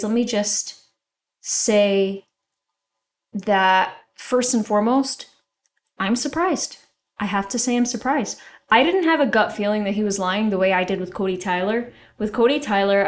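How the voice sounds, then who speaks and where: A young woman giving casual, rambling commentary with strong opinions, often filling with "like". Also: medium pitch. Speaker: commentary YouTuber.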